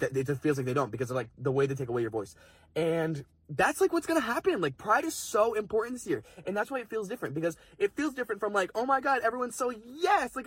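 A man's voice: fairly high pitch, husky, no echo. A young man in a fired-up casual vlog rant, swearing and packing his talk with fillers. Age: young adult. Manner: fast, heated, swearing, lots of fillers. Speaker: vlogger. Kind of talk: impassioned casual rant to camera.

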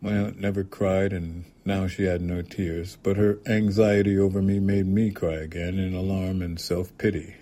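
A man reading a literary short story aloud in a calm, measured way. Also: sits low. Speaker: reader.

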